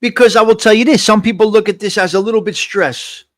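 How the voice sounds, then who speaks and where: A man's voice: high-pitched, quick pace, no room sound, clean studio sound. A man hosting a live morning coffee chat, talking straight to his viewers in a motivational, repetitive way and reading out their comments. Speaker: livestream host.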